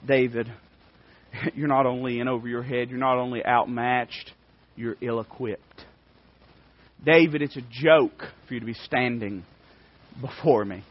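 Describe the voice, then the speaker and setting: A man's voice: mid-range voice, fairly even intonation, measured pace, highs cut off, lightly acted. A man preaching, voicing an arrogant giant warrior who taunts. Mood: mocking. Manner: taunting, scornful.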